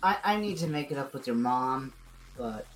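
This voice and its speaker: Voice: mid-range voice, lively intonation, moderate pace. A tabletop player speaking in character over voice chat, stammering and self-deprecating. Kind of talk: in-character voice-chat role-play.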